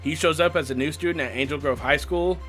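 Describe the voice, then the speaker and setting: A man hosting a comedic movie review show, animated and joking, poking fun at himself. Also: fairly high pitch, fast, soft background music. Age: adult past teens. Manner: animated, joking, self-mocking.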